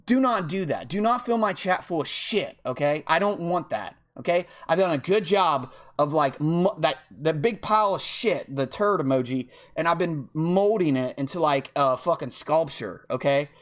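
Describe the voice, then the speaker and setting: A man with a fairly high-pitched voice talks off the cuff as a game league's commissioner. He lectures his members bluntly and swears freely. He keeps checking in with "okay?" to press each point. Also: lively intonation, moderate pace, few pauses. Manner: repeats "okay?" to drive points home. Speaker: online football video game league commissioner. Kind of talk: casual unscripted monologue.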